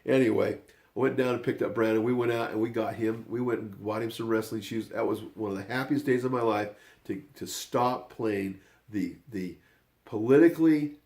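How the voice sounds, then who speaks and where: Older man with a gravelly low voice. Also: normal speed, darkish tone. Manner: rambling and digressive, circling back with "anyway". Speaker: grandfather telling family stories. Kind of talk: casual spoken storytelling.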